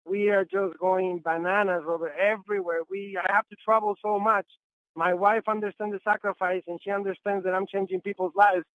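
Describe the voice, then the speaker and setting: A man's voice: high voice, level tone, a little fast, no echo. Upbeat man on a tinny phone line. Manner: enthusiastic, repetitive. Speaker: guest sales leader on a conference call. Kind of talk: phone-in conference call testimonial. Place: Los Angeles.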